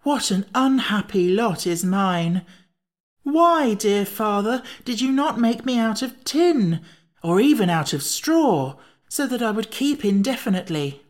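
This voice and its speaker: A woman's voice: mid-range voice, expressive, measured pace, pitched above the performer's own voice, lightly acted. A woman voicing a timid, fretful male pumpkin-headed man in an audiobook reading. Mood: plaintive. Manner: fretful, plaintive.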